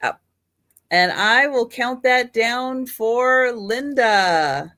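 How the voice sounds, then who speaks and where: A woman hosting a live online vintage sale, describing items in a relaxed, chatty way with lots of fillers. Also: fairly high pitch, dry recording, studio quality. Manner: unhurried, chatty with many fillers. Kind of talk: casual live selling.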